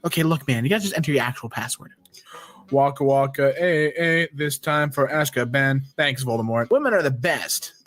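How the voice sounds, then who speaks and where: Reading memes aloud on stream, a man jokes around and flips into silly voices for a moment at a time. His voice is medium-pitched and a bit bright.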